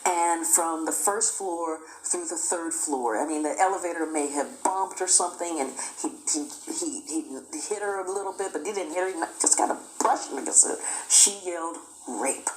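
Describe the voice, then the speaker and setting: A woman lectures on history with emphatic repetition, building each point in lists. Her voice sits very low, and the recording rings with echo from the room. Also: normal speed, few pauses, slight background noise. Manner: emphatic, repeats phrases, acts out quotes.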